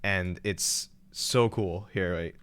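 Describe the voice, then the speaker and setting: Rambling, low-voiced young streamer guy. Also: slow, a bit bright, a little hiss or hum. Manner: rambling, lots of fillers and laughs. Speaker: game streamer. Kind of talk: casual chat while playing.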